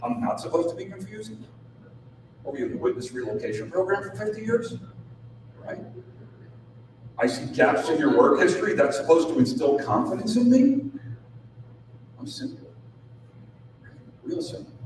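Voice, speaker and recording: A man speaking to a live seminar audience, punchy and animated, his voice jumping up and down in pitch. He is picked up from some way off in a very echoey room. There is clear background noise behind him. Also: moderate pace, pauses often, recorded from a distance. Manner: animated, punchy, rhetorical questions. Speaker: sales trainer and speaker.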